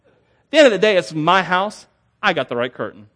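A young man preaching a sermon, telling stories in an animated, self-deprecating way with frequent laughs. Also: sits high, a little fast. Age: young adult. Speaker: pastor.

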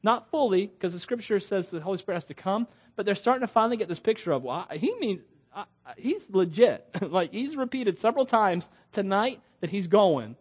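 High-voiced man preaching animatedly. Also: brisk, breathy edge. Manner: animated, conversational preaching with laughs and asides. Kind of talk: sermon.

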